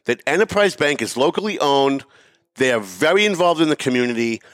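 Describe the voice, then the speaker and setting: A man's voice: mid-range voice, expressive, fairly quick, a bit bright, no room sound, clean studio sound. A middle-aged man hosting a talk show, telling a heated story with emphatic swearing and mimicked voices. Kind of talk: animated storytelling rant.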